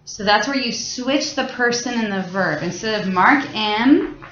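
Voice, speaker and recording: A woman's voice: fairly high pitch, a little slow, a bit bright, slight background noise. Casual woman teaching a class. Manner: casual, explains with many fillers and restarts. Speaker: French teacher. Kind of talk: classroom lesson. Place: high school classroom. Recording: echoey classroom, dull lo-fi sound.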